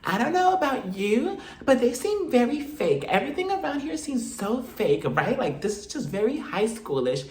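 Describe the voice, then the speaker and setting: A man's voice: very high-pitched, very animated, normal speed, hardly any pauses, voice pushed up. A man mimicking a catty woman from a reality show who whispers gossip about the others. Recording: roomy echo.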